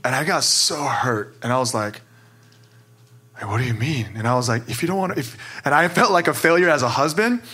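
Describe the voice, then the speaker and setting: A man's voice: medium pitch, expressive, fairly quick, pushed and bright, slightly rough. A man who is a pastor, sharing candidly and with emotion, filling his talk with "like". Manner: earnest, emotional, many "like" fillers.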